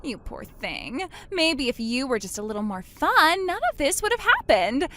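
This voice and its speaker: A smug, cruel younger sister, played by a woman, gloats in a high, lively voice that swoops up into mocking peaks. She taunts in a sing-song way, savoring every jab. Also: normal speed, heavily acted. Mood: gloating.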